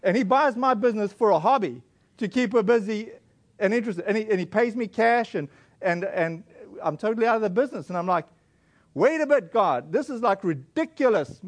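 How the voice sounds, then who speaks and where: High-voiced man giving a sermon testimony. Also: brisk. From South Africa. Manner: earnest storytelling with many restarts and fillers. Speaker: pastor.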